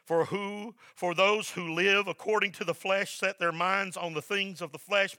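A man preaching a sermon, his voice slightly high with a gravelly rasp and a bright, forceful edge. He builds to loud, emphatic repetition, then drops to a soft hush. The sound is close and dry. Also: no room sound. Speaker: pastor.

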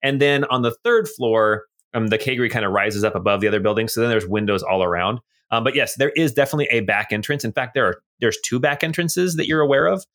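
Guy gm rambling through a tabletop scene, lots of ums, mid-pitched voice. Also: quick pace, hardly any pauses, fairly bright tone. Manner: casual, rambling, many fillers. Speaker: game master. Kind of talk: narrating a tabletop game.

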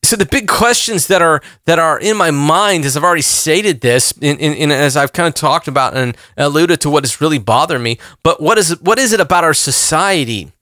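A man's voice: a little high, animated, a little fast, hardly any pauses, sharp tone, no room sound, clean studio sound. A pastor in his forties delivering an impassioned sermon, earnest and repeating phrases for emphasis. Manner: earnest, repeats himself, rising emphasis on questions.

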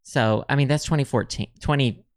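A man's voice: mid-range voice, fairly quick, dry recording, studio quality. A man hosting a casual podcast, chatting and reading facts aloud with lots of ums. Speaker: podcast host. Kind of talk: casual chat.

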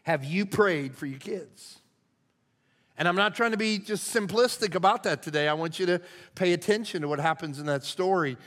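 An older man, a lead pastor, preaching a sermon in a folksy, conversational way that swings from hushed to loud. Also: high voice, moderate pace. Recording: long hall reverb.

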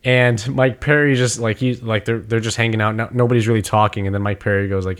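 A man's voice: on the low side, steady tone, quick pace, hardly any pauses. A young man in casual chat, telling stories in a rambling way with many fillers and restarts. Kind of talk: casual chat about combat sports.

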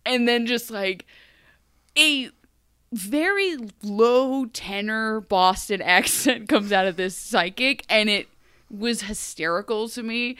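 This is a woman co-hosting a casual podcast recap, talking in a chatty, animated way. Her voice is bright and smooth, and the sound is close and dry with no room around it. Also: on the high side, measured pace, no room sound. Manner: chatty, animated, acts out scenes in funny voices. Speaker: podcast co-host.

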